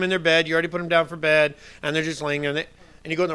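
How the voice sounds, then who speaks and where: A man preaching a sermon as pastor, emphatic, moving from soft asides to loud declarations. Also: a little high, steady tone, very fast, clear, resonant tone.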